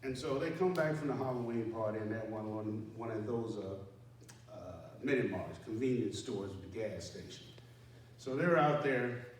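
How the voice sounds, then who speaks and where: A man's voice: on the low side, moderate pace. A man, a former army sergeant, telling a personal story live in a casual, self-deprecating way. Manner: conversational, self-deprecating, acts out panicked dialogue with sharp rises. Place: indoor room at a community center. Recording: very echoey room, mic far off, faint noise.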